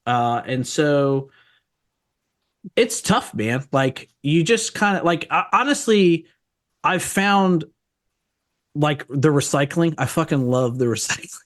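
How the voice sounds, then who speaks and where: A man's voice: a little high, animated, a bit bright. A man chatting as a podcast guest, telling rambling, profane stories and jumping his voice up when he quotes himself. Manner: rambling storyteller, profane, quick voice jumps when quoting himself. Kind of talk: casual chat.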